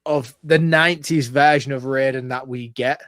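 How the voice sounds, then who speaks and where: A man's voice: mid-range voice, fairly even intonation, moderate pace, fairly bright tone, dry recording, clean studio sound. A man co-hosting a podcast, talking about a film in an earnest, enthusiastic, rambling way. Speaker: podcast co-host. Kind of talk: casual film review chat.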